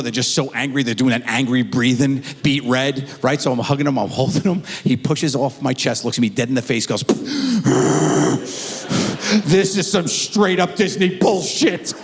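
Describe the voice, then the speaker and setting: A middle-aged man performing a stand-up comedy routine, telling a story with animated delivery and acted-out voices. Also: mid-range voice, big-room sound.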